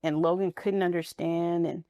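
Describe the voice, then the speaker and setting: A woman's voice: lowish voice, flat delivery, moderate pace, warm tone, no echo, lo-fi sound. A woman guest in a candid interview, talking frankly and reflectively about motherhood and friendship.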